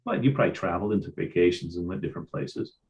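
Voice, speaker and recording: Midwestern male host, slightly low pitch, casual storyteller who repeats himself. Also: lively intonation, racing, a little mellow. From Ohio. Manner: chatty storyteller, stammers and repeats. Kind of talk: casual interview chat.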